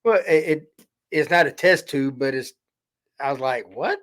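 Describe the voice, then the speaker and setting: A man's voice: medium pitch, lively intonation, moderate pace, a bit bright. A man co-hosting a casual podcast chat, mostly giving short, laid-back reactions and asides. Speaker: podcast co-host.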